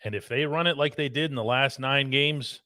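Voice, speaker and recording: A sports columnist co-hosts a casual talk show, speaking in an articulate, wry way as he reads listener questions aloud. His voice is bright and forceful, at a middle pitch for a man. It is recorded close and dry. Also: moderate pace, dry recording.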